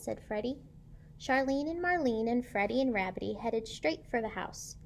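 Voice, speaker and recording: A woman teacher reading a picture book aloud to children, pausing to ask them gentle questions. Her voice sits fairly high with a gravelly fry. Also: animated, slight background noise.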